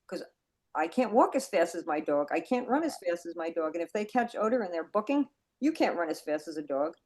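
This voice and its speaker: A woman's voice: lowish voice, big pitch swings, a little fast, darkish tone. A woman teaching a dog nose work class over a video call, chatty and repeating her points for emphasis.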